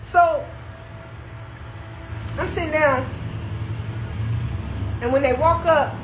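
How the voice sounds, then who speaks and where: A young woman on a live stream, telling a story in casual slang that moves from calm asides to heated outbursts. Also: high voice, very slow, echoey room, slight background noise, rough recording.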